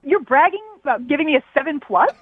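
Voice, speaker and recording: A woman's voice: high voice, lively intonation, quick pace, narrow, tinny audio, background noise. A woman calling a radio show, indignant and exasperated. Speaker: caller on the phone.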